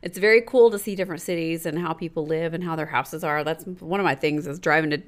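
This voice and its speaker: Rambling lower-voiced woman host. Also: quick pace. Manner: rambling, restarts sentences. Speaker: podcast host. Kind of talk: casual chat.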